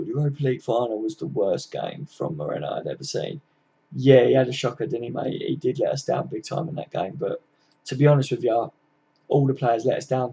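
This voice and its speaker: A man's voice: mid-range voice, vocal fry, dark tone, breathy edge. A man, hosting a casual live-stream chat, chatting loosely and answering viewer comments. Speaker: livestream host. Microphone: computer mic, live stream.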